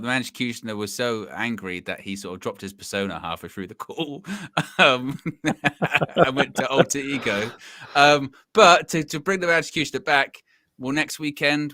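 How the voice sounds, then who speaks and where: Bright, dry-voiced male host. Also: mid-range voice, dry recording. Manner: chatty, laughing, reads super chats aloud. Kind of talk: live-stream football call-in show.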